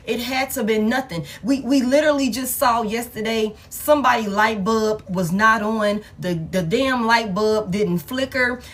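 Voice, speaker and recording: Husky-voiced woman giving a live tarot reading, blunt and fed up, swears a lot, repeats herself. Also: a little high. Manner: blunt, exasperated, swearing, repeats phrases for emphasis. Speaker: tarot reader.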